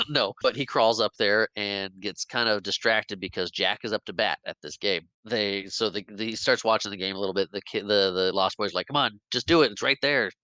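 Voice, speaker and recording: A deep-voiced man hosts a casual podcast and walks through a film scene by scene. His voice is smooth and clear with a bright edge, and he jumps into little impressions of the characters between laughs. The sound is dry and close. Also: moderate pace, no echo. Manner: animated retelling, acts out quotes, laughs often. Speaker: podcast host. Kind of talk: casual movie recap chat.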